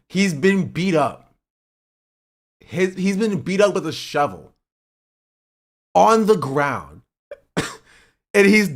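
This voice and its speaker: A man's voice: fairly high pitch, a bit bright. A streamer reacting to a video clip, laughing and incredulous, talking to his chat. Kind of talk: livestream reaction commentary.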